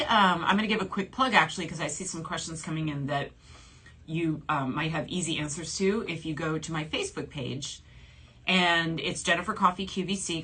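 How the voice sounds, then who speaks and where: Husky-voiced chatty woman in her forties. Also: sits low, pushed and bright. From New Orleans, USA. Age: 40s. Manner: chatty and bubbly, laughs often. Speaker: shopping channel host. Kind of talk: casual livestream chat reading viewer comments.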